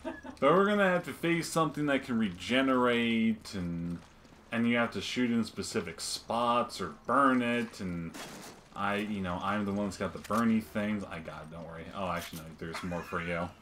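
A man's voice: lowish voice, moderate pace, fairly bright tone, a little hiss or hum. A man joking and swearing while playing a video game with his mother. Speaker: let's play host. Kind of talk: casual gameplay chat.

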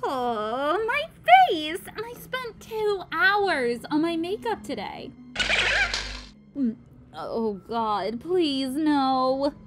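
A woman's voice: high-pitched, sing-song, very slow, loud music behind the voice, heavily acted. A woman voicing a vain, bossy young female Koopa princess who talks in a bratty, complaining way. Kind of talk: fan-made cartoon voice acting.

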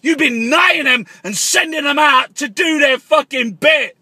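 A man, a taxi driver and artist, shouting and swearing through a comic paranoid rant on the phone. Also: very high voice, moderate pace, dry recording, studio quality. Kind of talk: comic ranting phone call.

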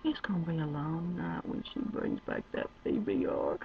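A woman rambling to her webcam, drawling and swinging from low mutters to loud squeals. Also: wildly swooping pitch, normal speed, few pauses, slightly rough. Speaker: webcam vlogger. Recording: dull lo-fi webcam audio.

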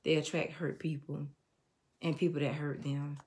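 A woman's voice: low-pitched, little pitch movement, normal speed, a little mellow. Emotional woman doing a tarot reading. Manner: emotional, preachy, sings snatches of songs. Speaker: tarot reader.

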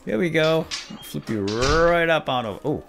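Male let's-play host, playful self-talk commentary, very lively pitch, light music bed. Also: normal speed, gravelly. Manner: goofy, talks to himself and his vehicle, sudden excited yelps.

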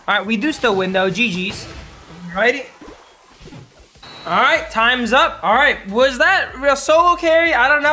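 A hoarse man streaming a game, giving hyped, trash-talking live commentary to his chat. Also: sits high, pushed and bright.

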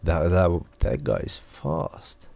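A man's voice: deep voice, wildly swooping pitch, slow, creaky, dry recording. A man, streaming a racing game with wry, self-mocking commentary and free swearing. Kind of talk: casual gameplay livestream commentary. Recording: loud racing game engine noise behind voice. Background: racing car game sounds.

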